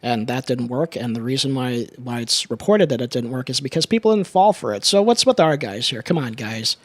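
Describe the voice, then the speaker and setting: A man co-hosting a political talk show, talking in an animated, joking way and often stumbling over words. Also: mid-range voice, fairly quick, no room sound. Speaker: co-host of a political radio show. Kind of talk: casual political commentary.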